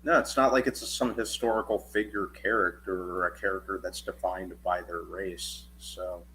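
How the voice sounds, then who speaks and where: Low-voiced man with a faint hum behind. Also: steady tone, normal speed, pushed and bright, rough recording. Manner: stammering restarts, earnest opinions. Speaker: podcast co-host. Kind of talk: casual movie review chat.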